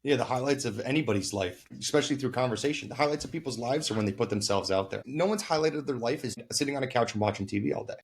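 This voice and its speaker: Male podcast host, earnest and loose-tongued, husky voice. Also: medium pitch, very fast, few pauses. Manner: earnest, searching for words, swears casually. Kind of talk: casual podcast chat.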